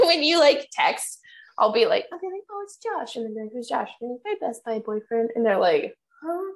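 A woman's voice: a little high, brisk. A young woman co-hosting a podcast, chatting casually, swearing and laughing as she tells stories. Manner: animated, swearing, laughing storyteller. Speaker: podcast co-host. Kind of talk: casual chat.

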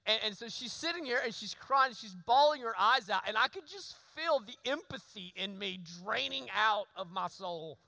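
A man, preaching a sermon and telling a story with lively, sometimes shouted asides. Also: high voice, normal speed, few pauses, no echo, rough recording. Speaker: pastor.

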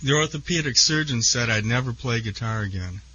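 A man's voice: mid-range voice, expressive, a little fast, sharp tone, slightly rough. Male musician guest on a dull line. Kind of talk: casual radio interview.

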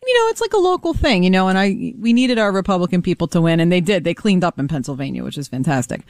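Fast-talking animated woman radio co-host. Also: lowish voice, no room sound. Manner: animated storyteller who acts out quoted dialogue. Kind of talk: casual talk radio chat. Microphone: studio microphone.

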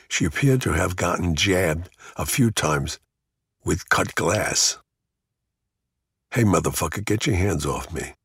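A man's voice: very deep voice, fairly bright tone, slightly rough, dry recording, clean studio sound. A man narrating a first-person crime memoir in a blunt, gritty way, swearing freely. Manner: gritty, blunt storytelling with profanity.

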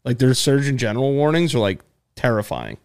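Gravelly young man telling stories. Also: mid-range voice, sing-song, a little fast. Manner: laid-back storytelling with slang and acted-out quotes. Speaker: podcast co-host. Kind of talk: casual chat.

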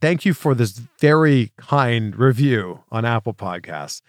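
A man's voice: medium pitch, lively intonation, a little slow, few pauses, no room sound, clean studio sound. A man from Canada hosting a casual interview podcast and reading listener reviews aloud. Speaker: podcast host.

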